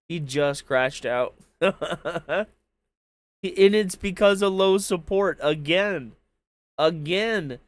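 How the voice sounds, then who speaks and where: A man's voice: high-pitched, slow pace, no echo. A man hosting a casual livestream. He comments with profane, mocking rants and then signs off to his viewers. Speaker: stream commentator.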